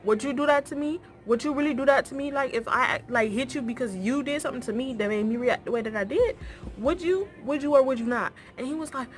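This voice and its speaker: A young woman, telling a story casually and acting out the dialogue. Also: fast talker. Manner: animated, acts out dialogue with rising pitch.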